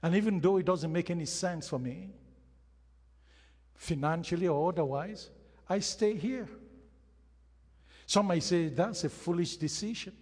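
A man's voice: high-pitched, unhurried, long pauses, darkish tone, husky. A man preaching a sermon as pastor of his church, emphatic, repeating phrases and acting out quotes. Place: church hall. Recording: hall reverb.

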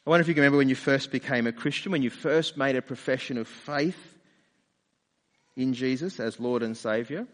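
A man's voice: mid-range voice, fairly quick, in a large hall. A man preaching a sermon in a conversational way, often asking rhetorical questions. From Australia. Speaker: pastor.

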